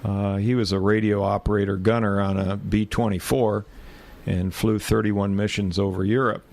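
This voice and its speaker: Older guy, retired band teacher, lowish voice, lots of uh and restarts, jokey. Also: flat delivery, normal speed, darkish tone. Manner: rambling anecdotes, self-deprecating humor, many filler restarts. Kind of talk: oral history interview.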